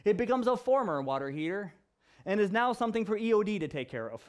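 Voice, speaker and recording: Man, middle-aged, pastor, casual vlog, laughs a lot, light high pitch. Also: very animated, quick pace. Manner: chatty, jokey, laughs often. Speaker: pastor and professor. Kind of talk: casual devotional vlog talk.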